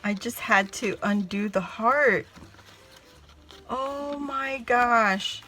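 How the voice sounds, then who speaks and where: A woman's voice: fairly high pitch, extremely slow, sharp tone, faint music behind. A woman gushing as she opens a crafty gift package, exclaiming and laughing breathlessly to her viewers. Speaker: craft vlogger opening happy mail. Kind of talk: excited unboxing chat to camera.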